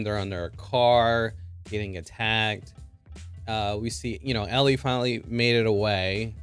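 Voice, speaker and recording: A man casually recapping a TV episode in an excitable way, full of filler words. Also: fairly low pitch, smooth. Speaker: show reviewer.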